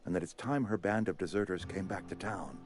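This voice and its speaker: A man voicing a pompous male company town administrator in a video game, talking in a formal, ornate and smoothly persuasive way. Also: low-pitched, fairly quick, faint music behind, lightly acted.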